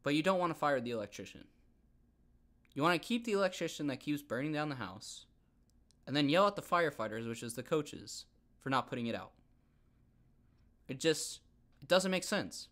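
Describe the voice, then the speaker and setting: A young man hosting a podcast, ranting heatedly about basketball in a casual, animated way and often repeating himself. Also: fairly high pitch, normal speed, pauses often. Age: young adult. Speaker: podcast host. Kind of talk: casual sports rant.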